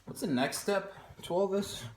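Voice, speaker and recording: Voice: medium pitch, normal speed. A vlogger chatting casually while cooking at home, rambling and self-mocking, with plenty of fillers. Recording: echoey room with faint music.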